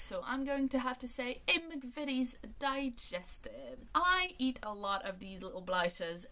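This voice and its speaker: A woman from France in her thirties, whose first language is French, chats through a list of questions in a vlog. Her voice sits a little high, and she sounds eager and friendly as she reads each question aloud before answering. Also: pushed and bright. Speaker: book vlogger. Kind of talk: casual tag video answers.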